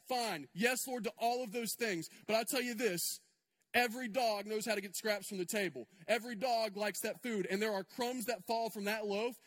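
A man's voice: very high voice, pushed and bright, exaggerated voice. A man voicing a desperate, humble mother who begs for scraps, pleading and self-abasing but persistent.

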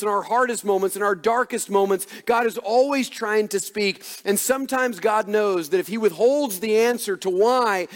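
Male pastor, slightly high voice, emphatic sermon delivery with light humor, long reverb of a church hall. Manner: preaching with emphatic builds and humor. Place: church sanctuary.

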